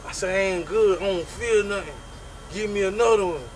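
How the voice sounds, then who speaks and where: Animated man telling a comic story. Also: high voice, a little fast, rough recording. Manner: animated and profane, with mouth sound effects.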